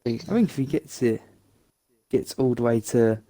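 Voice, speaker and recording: A man's voice: medium pitch, lively intonation, unhurried, dark tone, dry recording. A man chatting casually about a football game, rambling and restarting his sentences. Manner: chatty, rambling, restarts often, laughs along. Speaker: podcast co-host.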